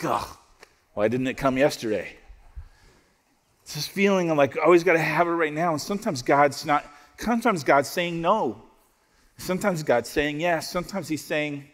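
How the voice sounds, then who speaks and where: A man preaching a sermon as pastor, conversational and joking, dropping to soft prayerful tones. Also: fairly high pitch, long reverb tail. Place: church auditorium.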